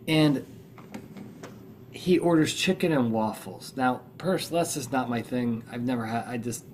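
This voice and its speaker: A man's voice: mid-range voice, slight background noise. A middle-aged American man hosting a podcast in casual chat, groggy from just waking up, rambling and chatty with many restarts. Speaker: podcast host.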